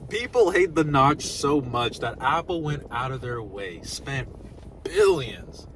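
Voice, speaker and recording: A young man vlogging casually about new laptops, swinging between loud excitement and mumbled asides. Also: mid-range voice, takes it slowly, slight background noise. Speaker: tech YouTuber.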